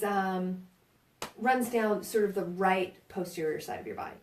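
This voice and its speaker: A woman's voice: mid-range voice, measured pace, slight background noise. A woman with a New York accent teaching a birth class in a chatty, reassuring way, often checking in with "right?". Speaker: birth center educator. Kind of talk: informal prenatal class talk. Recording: roomy sound from a distant mic.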